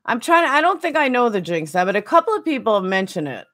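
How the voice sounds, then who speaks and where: A woman's voice: a little high, sing-song, quick pace, fairly bright tone. Chatty woman streamer. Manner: chatty, swears freely, answers viewers by name. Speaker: game streamer reading chat. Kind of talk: casual chat while gaming.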